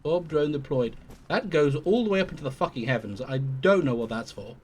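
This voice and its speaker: A man's voice: a little high, animated, a little fast, a little mellow, slightly rough. A man streaming a game live, thinking aloud in a rambling way and swearing casually as he plays. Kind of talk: live gameplay commentary.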